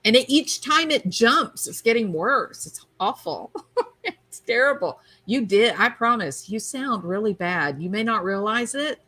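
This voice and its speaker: On a livestream, a woman reads out chat comments and talks casually with her audience. Her voice is a little high and expressive, a bit slow, with a sharp tone, and the sound quality is poor.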